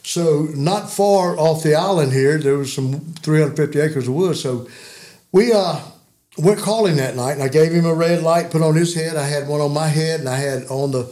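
The voice is fairly high and dark, delivered at normal speed. It belongs to a man in his sixties, a guest who chuckles while spinning rambling, folksy hunting stories.

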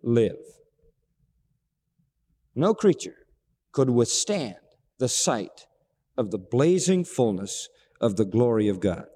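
A man preaching a sermon, expressive, asking rhetorical questions and acting out dialogue. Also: medium pitch, measured pace, slightly rough. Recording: long reverb of a large hall.

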